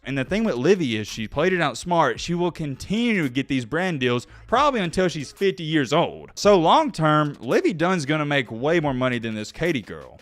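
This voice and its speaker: A man's voice: fairly high pitch, fairly bright tone, no echo. Man, commentary vlogger on a rant; emphatic and preachy, raised voice that swings a lot, dry close sound. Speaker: commentary YouTuber. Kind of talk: ranting commentary vlog.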